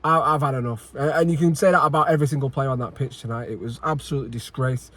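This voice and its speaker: Agitated man, fan-channel host, sweary post-match rant, middle pitch. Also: fast talker, fairly bright tone. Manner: frustrated, sweary, repeats himself, sighs.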